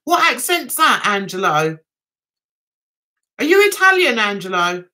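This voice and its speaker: A woman hosts a relaxed livestream chat, laughing often as she answers her viewers. Her voice is bright and high, and she talks at an unhurried pace. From England. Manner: giggly, chatty, reads viewer comments aloud and answers them. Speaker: livestream host.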